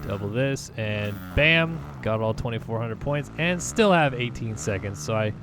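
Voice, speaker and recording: A man's voice: mid-range voice, lively intonation, normal speed, over music. Laid-back man narrating his gameplay. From California. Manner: laid-back, chatty, thinks aloud with fillers. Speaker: gaming channel host. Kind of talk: casual gameplay commentary.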